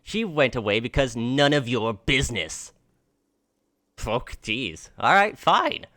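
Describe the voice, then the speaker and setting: A man's voice: medium pitch, big pitch swings, takes it slowly, pushed and bright. Joking, swearing male streamer. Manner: swears freely, laughs often, jokes while reading dialogue. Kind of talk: casual live gameplay commentary, reading game dialogue aloud.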